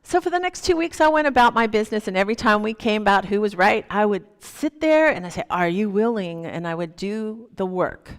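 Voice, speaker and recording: A woman minister delivers a sermon in a middle-pitched voice and tells personal stories with lively energy, acting out each voice. Her words ring through a long hall reverb. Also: a little fast, hardly any pauses, clear, resonant tone. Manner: animated, acts out quoted voices in her stories. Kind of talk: sermon with storytelling. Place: church sanctuary.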